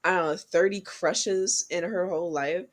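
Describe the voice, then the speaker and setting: A woman's voice: fairly low pitch, steady tone, moderate pace. A young woman co-hosting a podcast, chatting casually and giving frank dating advice straight to listeners. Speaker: podcast co-host. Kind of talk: casual chat.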